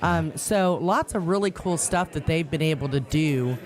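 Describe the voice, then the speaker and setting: A woman's voice: deep voice, moderate pace, darkish tone. A woman co-hosting a radio show in casual chat. She is chatty, laughs often and admits she forgets names. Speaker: radio co-host.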